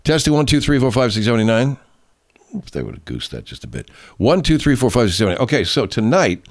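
A man's voice: mid-range voice, sing-song, fast. A man hosting a podcast pre-show, rambling casually, swearing and checking his sound levels. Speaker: podcast host.

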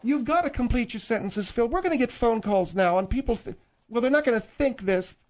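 A woman's voice: on the high side, lively intonation, a little fast, a little mellow. A woman co-hosting a radio talk show, chiding the host and talking back at him. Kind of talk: casual radio banter.

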